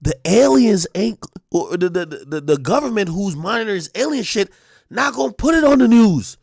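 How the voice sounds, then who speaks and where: A man hosting a livestream, delivering a loud, profane comedic rant with shouted bursts. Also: high-pitched, very animated, normal speed, vocal fry, no echo, clean studio sound. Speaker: streamer and show host.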